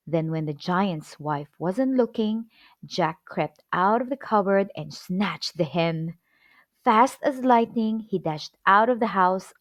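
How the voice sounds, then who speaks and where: A woman reading a children's story aloud, with an expressive, clear storybook delivery. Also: mid-range voice, no room sound.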